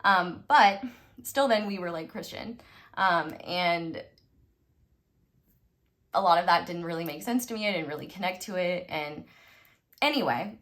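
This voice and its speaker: Young woman rambling thru a storytime, lowish voice, keeps laughing and getting loud out of nowhere. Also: unhurried, pauses often. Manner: rambling, self-interrupting, laughs often; animated with sudden loud bursts. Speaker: tarot reader. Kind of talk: casual storytime monologue.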